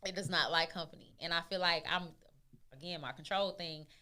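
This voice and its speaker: A woman's voice: fairly low pitch, brisk, pushed and bright. A woman from the Midwest with a Texas accent, co-hosting a podcast in casual chat, emphatic and playful, repeating words for stress. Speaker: podcast co-host.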